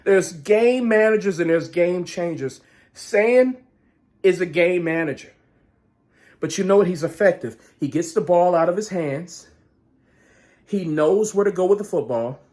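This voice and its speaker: A man ranting about a football game as a fan vlogger, profane, swinging between shouted outbursts and low muttering. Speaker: sports vlogger. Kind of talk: angry fan rant.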